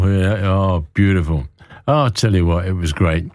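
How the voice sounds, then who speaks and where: Chatty low-voiced radio presenter, man. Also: moderate pace, darkish tone, no room sound, clean studio sound. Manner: chatty, rambling, folksy.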